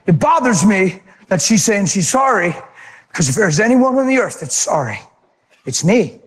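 A man preaching, telling a personal testimony in an animated, emotional storytelling manner. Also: high-pitched, moderate pace, long reverb tail. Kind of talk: sermon testimony.

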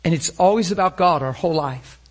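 A man delivers a sermon with intensity in a husky, fairly high voice, speaking a little fast. He alternates booming emphasis with near-whispers and asks his audience rhetorical questions.

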